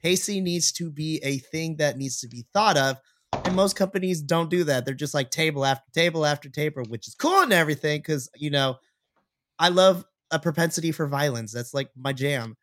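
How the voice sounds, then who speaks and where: A playful man co-hosting a podcast, talking in casual chat with a fairly high voice. He laughs easily and breaks things down step by step. The sound is dry and close, with no room around it. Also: a little fast, a bit bright, no echo. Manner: playful, laughs often, breaks down matches analytically. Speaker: podcast co-host.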